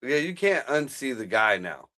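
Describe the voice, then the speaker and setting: Lively man, animated movie chat. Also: medium pitch, moderate pace, dry recording. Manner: animated and profane, wisecracking. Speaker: co-host watching a movie. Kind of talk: casual movie watch-along chat. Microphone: live stream microphone.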